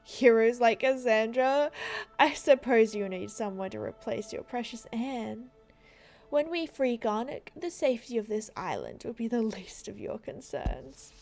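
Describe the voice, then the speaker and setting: A gloating young villainess from a horse-riding adventure game, sneering at her rivals, read out by a woman. The voice is high and deliberately slow. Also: animated, creaky, darkish tone, faint music behind. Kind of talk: reading game dialogue aloud.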